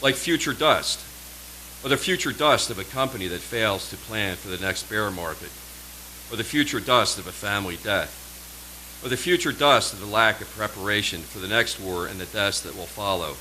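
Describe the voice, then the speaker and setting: A man reading his own poetry live at a small performance venue, pacing each line with slow, dramatic pauses. His voice sits low but sounds bright and forceful, with a faint hiss behind it. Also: low-quality recording. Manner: measured, dramatic delivery with slow emphatic pauses. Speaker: poet.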